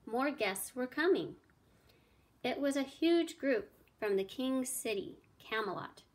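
A woman teacher reading a children's math story aloud with clear, expressive storytelling. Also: high voice, slow pace.

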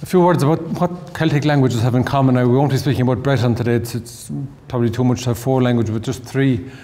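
A man giving an informal language talk, halting with many restarts and fillers, slowing down to spell out examples. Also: medium pitch, fairly even intonation, warm tone. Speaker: language lecturer. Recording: long hall reverb.

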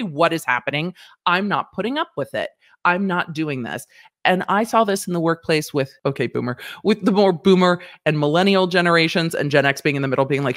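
Animated woman lawyer host, dry sound. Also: dry recording. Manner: animated, mimics others in quick high-pitched voices; frank, swears casually. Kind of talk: commentary vlog.

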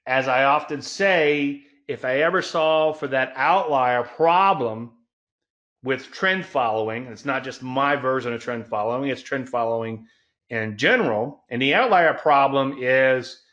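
A man hosts his own trading talk show in a folksy, emphatic manner. He slows down to lean on key words and chuckles at his own jokes, with his voice sitting at an ordinary middle pitch. The recording is a little dull and lo-fi. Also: a bit bright. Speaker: trading educator and show host. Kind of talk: solo market talk show.

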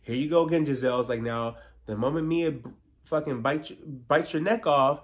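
A man's voice: fairly high pitch, moderate pace. Opinionated man recapping reality TV. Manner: opinionated, filler-heavy with frequent "like". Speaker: TV recap vlogger.

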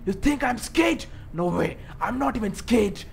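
A man's voice: high-pitched, animated, a little slow, vocal fry, slight background noise. A man giving let's-play commentary on a horror game, swearing constantly and rambling nervously in a panic. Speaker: gaming YouTuber.

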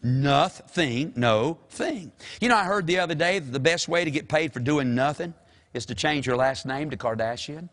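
A man's voice: on the high side, a little fast. An older man, preaching a folksy sermon as pastor and calling out to the congregation. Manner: folksy, animated preaching with call-and-response.

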